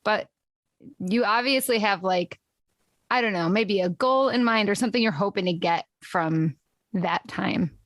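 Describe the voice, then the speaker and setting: A woman's voice: mid-range voice, unhurried, dry recording, clean studio sound. A woman hosting a podcast, talking casually and supportively with frequent short affirmations. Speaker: podcast host. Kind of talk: casual conversation.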